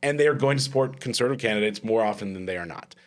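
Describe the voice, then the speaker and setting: A man's voice: lowish voice, rapid-fire. A man hosting a casual political panel podcast, making long run-on points and swearing freely. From Canada. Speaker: podcast host.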